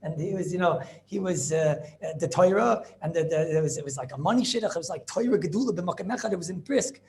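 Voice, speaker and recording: A man with telling a Torah story as a rabbi, acting out the characters in an animated way. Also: fast talker, a little hiss or hum. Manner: animated, acts out characters with shifting pitch.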